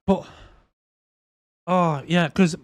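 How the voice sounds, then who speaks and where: A man's voice: fairly high pitch, fairly even intonation, extremely slow, no echo. A man co-hosting a podcast, chatting casually and animatedly, with swearing and silly acted voices. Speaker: podcast co-host. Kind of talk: casual chat.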